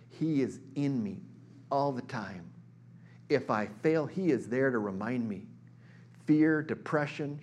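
A man's voice: mid-range voice, darkish tone. Conversational, emphatic middle-aged male preacher. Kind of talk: sermon.

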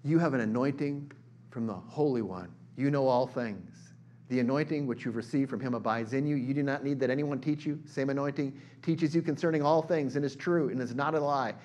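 A man's voice: medium pitch, fairly quick, a little mellow. A middle-aged man preaching a sermon, moving between conversational storytelling and emphatic bursts.

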